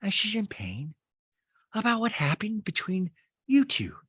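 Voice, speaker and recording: A man's voice: high-pitched, wildly swooping pitch, measured pace, slightly rough, dry recording, studio quality, voice pushed up, full character voice. A man putting on a preachy, sanctimonious woman. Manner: soft and sanctimonious. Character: preachy, self-righteous woman.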